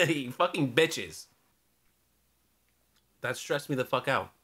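A man's voice: medium pitch, expressive, slow, sharp tone, husky. A young man giving casual, profane commentary while spectating a shooter game, trash-talking and barking repeated warnings at the player. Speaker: gaming YouTuber.

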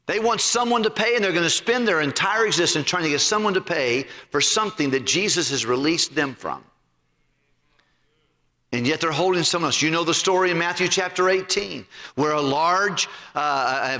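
A man with a slightly high voice, speaking at normal speed, preaches as pastor in a church sanctuary whose long reverb fills the recording. He tells a parable with animated storytelling, performing the voices of its characters.

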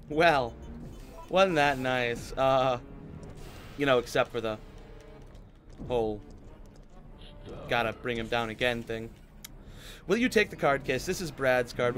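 A man's voice: medium pitch, fairly bright tone. A man playing a survival horror game, pleading and swearing as he commentates. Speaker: gaming YouTuber. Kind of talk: let's play commentary.

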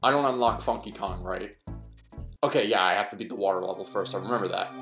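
Male let's-play host, lowish voice, rambling and self-mocking, echoey room. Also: fast, a bit bright. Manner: rambling, self-deprecating, thinks aloud while playing. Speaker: gameplay commentator. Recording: echoey room with game music.

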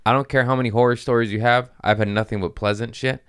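A young man hosting a podcast, telling stories in a casual, profane, animated way and laughing at his own jokes. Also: medium pitch, fast, clean tone, no echo, studio quality. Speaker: podcast host. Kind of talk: casual storytelling monologue.

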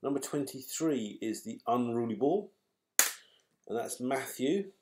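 A man hosts a raffle draw, calling numbers and names with a chatty, teasing, unhurried manner. His voice sits at an ordinary middle pitch. Loud clicking of raffle balls is heard clearly behind him. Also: expressive, noisy background. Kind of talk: live raffle draw commentary.

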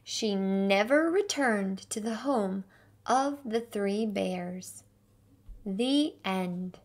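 A woman reading a fairy tale aloud slowly and carefully for English learners. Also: medium pitch, lively intonation. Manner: clear, careful storybook reading. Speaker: English teacher reading a story.

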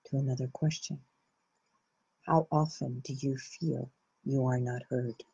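A woman hosting a reflective self-help talk, speaking slowly and gently with soft pauses. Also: low voice, breathy edge, lo-fi sound. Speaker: host.

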